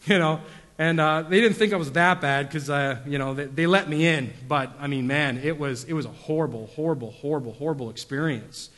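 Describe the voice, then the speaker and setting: Guy pastor telling stories in a sermon, kinda high voice, long echo from the hall. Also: a little fast, a bit bright. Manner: casual storytelling with self-deprecating humor, many fillers.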